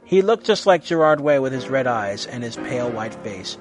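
A man reads a story aloud in a mock-serious, expressive style. His voice is fairly high, and faint music plays underneath. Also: moderate pace, hardly any pauses. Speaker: reader. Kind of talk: dramatic reading of a story.

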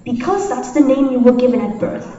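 A woman's voice: high-pitched, lively intonation, brisk, warm tone, voice pushed up. A woman voicing a proud, stern male alien prince in a dramatic fan-fiction reading, with a haughty, scolding manner. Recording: echoey hall from far off, dull.

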